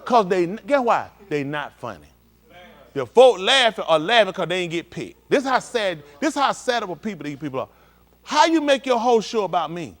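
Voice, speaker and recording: A male preacher, giving an informal, animated sermon with shouted bursts and acted-out scenes. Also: high voice, moderate pace. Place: synagogue hall.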